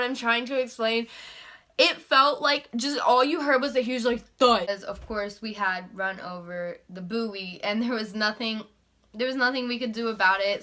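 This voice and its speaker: A young woman casually telling a story to her camera, animated and swearing freely. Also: fairly high pitch. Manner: animated, swears freely, mimics shocked voices.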